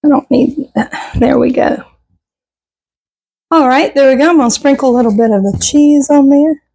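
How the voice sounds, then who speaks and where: A woman talks through her cooking in a home kitchen, her voice sitting a little high. She is chatty and folksy, and she pokes fun at herself in an easy, casual way. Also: moderate pace, vocal fry, dark tone, low-quality recording. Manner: chatty, self-deprecating, folksy. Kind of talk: casual cooking vlog chat.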